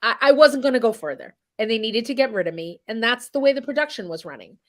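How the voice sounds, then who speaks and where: Woman guest on a chat show, talks blunt and emphatic, fairly high voice. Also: fast. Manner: blunt and emphatic, swears freely. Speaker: guest chef and singer. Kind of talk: candid interview talk.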